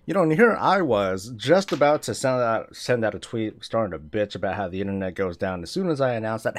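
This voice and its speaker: A man's voice: fairly low pitch, lively intonation, fairly quick. A man hosting a casual morning live stream, rambling and self-deprecating as he chats with viewers.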